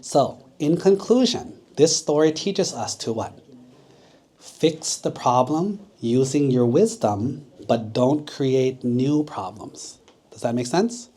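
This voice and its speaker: Brief: male monk storyteller, children's sermon, animated and questioning. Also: mid-range voice, slow. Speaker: Buddhist monk.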